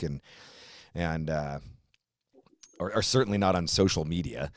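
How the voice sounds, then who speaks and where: Middle-aged male host, very deep dry voice, profane and animated. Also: fairly quick, dry recording. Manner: profane, animated, mimics people in put-on voices. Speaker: podcast host. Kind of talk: casual conversation.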